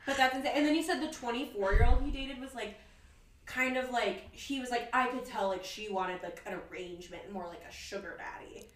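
A woman's voice: fairly high pitch, a little fast, fairly bright tone, reverberant, distant mic, rough recording. A young woman co-hosting a podcast, telling a date story in casual chat and acting out both sides of the conversation. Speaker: podcast co-host.

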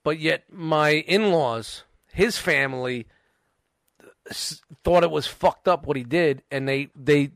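A man's voice: mid-range voice, fairly bright tone, no room sound, clean studio sound. A middle-aged man, telling long, profane, rambling stories on a casual podcast, full of restarts. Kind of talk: casual storytelling chat.

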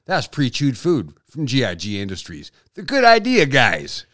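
A man's voice: medium pitch, huge pitch swings, moderate pace, fairly bright tone, no room sound, studio quality. A man voicing a male commercial announcer with a polished ad-read delivery. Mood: salesy.

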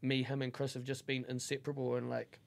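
A man's voice: medium pitch, completely flat delivery, fast, vocal fry. A man, a podcast guest talking in a heartfelt, rambling way with lots of swearing and fillers. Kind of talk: casual podcast chat.

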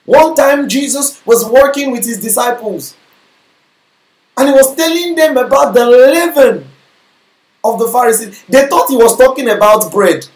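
A man's voice: very high voice, a little slow. A man preaching a sermon, often checking in with the congregation with questions like whether they follow him. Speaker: pastor. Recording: echoey room.

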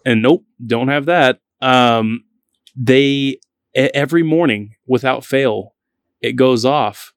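A man's voice: mid-range voice, slow pace, clean tone, no room sound. A man from Kentucky chatting casually, rambling a bit with lots of fillers and restarts. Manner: relaxed, rambling, many fillers and self-corrections. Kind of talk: casual chat.

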